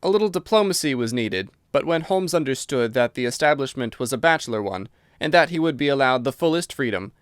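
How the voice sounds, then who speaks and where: Brief: male audiobook narrator, even storytelling delivery, middle pitch, dry close recording. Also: smooth, no room sound. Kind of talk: scripted narration.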